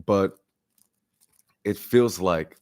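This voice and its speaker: A man giving a live-streamed collective tarot reading. He talks casually, jokes in slang and swears, and often swings his voice high and loud to act out little exchanges. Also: extremely slow. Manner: animated and profane, acts out exchanges with big jumps in pitch and loudness; slangy and joking. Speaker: tarot reader.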